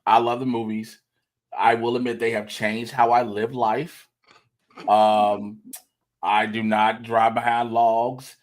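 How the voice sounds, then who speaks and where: Animated man hosting a casual livestream. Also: mid-range voice, slow. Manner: animated storyteller, acts out quoted dialogue. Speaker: host.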